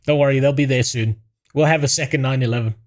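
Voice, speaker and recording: A man's voice: mid-range voice, steady tone, fast. A man from Africa, doing crude, profane livestream commentary and laughing at his own jokes. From South Africa.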